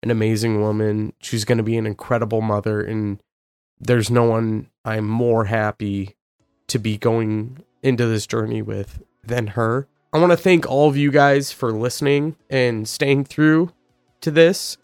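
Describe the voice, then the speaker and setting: A young man hosting his own podcast, speaking earnestly and getting emotional, with many fillers and pauses. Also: mid-range voice, steady tone, a little mellow, clean tone, dry recording, studio quality. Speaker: podcast host. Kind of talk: solo podcast monologue.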